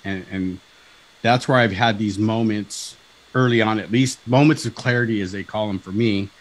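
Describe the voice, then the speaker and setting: On a rough recording, a fifty-something man from Southern California speaks at a moderate pace in a voice on the low side. As a talk show guest, he relates a personal anecdote with animation, voicing the conversations himself and often checking in with "right?"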